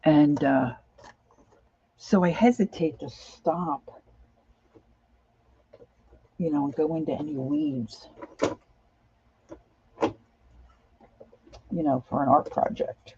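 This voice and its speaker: A woman's voice: deep voice, drawn-out words, long pauses, warm tone, husky, highs cut off. A middle-aged woman chatting casually as she works on a craft project, rambling on and answering viewers' comments.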